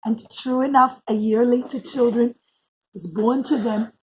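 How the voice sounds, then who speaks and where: A woman, a preschool teacher, telling a story to young children in an animated, sing-song way and talking to them directly. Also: fairly high pitch, measured pace, slight background noise, low-quality recording.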